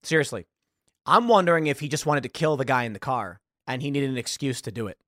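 A man hosting a casual commentary show, reacting to a video in an animated way, often laughing and acting out lines. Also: mid-range voice, fast talker, no echo, studio quality. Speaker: host.

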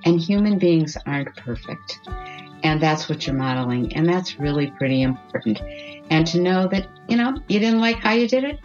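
A woman's voice: low-pitched, expressive, moderate pace, a little mellow, muffled recording, soft background music. A woman guest on a podcast giving parenting advice in an earnest, reassuring way, often checking in with "okay?". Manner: earnest, reassuring, tags points with "okay?" and "you know what?".

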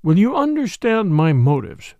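Quiet, shrewd little priest, read by a man; measured, gently pointed, a touch high, dry sound. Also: sing-song, no echo, highs cut off. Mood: grave. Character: little mild shrewd male Catholic priest.

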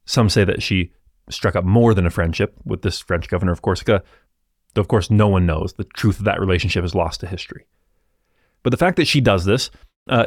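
A man hosting a history podcast, narrating in a relaxed, explanatory way with asides to the listener. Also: fairly low pitch, no echo, studio quality.

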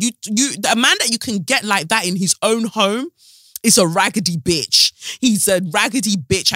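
Bright, sassy gossip vlogger. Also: mid-range voice, no echo, clean studio sound. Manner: animated, sassy, profane, reads headlines aloud then rants. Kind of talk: sassy commentary on news stories.

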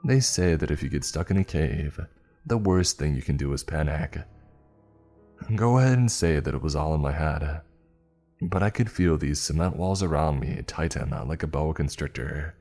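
A man narrating a first-person story in a measured, tense storytelling manner. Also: very deep voice, dark tone, soft background music.

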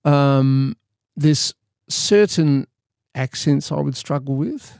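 A man's voice: on the high side, slow pace, vocal fry, darkish tone, no room sound, clean studio sound. A man, co-hosting a casual chat and rambling with jokes and repeated words. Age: 50s. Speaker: podcast co-host.

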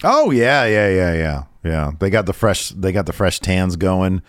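A man with a low voice chats in a laid-back way, using loose slang as a podcast co-host. The recording is dry and close to the mic. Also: very animated, measured pace, no echo. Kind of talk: casual chat.

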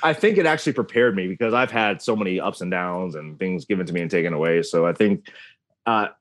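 Man telling stories in a relaxed interview. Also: low-pitched, quick pace, dry recording, studio quality. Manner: animated storyteller, acts out dialogue. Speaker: wrestling announcer, guest. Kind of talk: casual interview storytelling.

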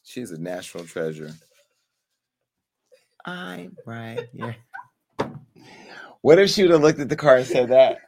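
A man hosting a call-in talk show, joking and animated as he chats and laughs often. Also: medium pitch, fast talker, hardly any pauses. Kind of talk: casual chat.

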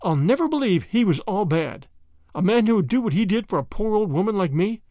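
A man's voice: high voice, sing-song, fairly quick, mellow, no echo, clean studio sound. A man doing an earnest, fretful old grandmother. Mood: defiant. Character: kindly, stubborn old grandmother.

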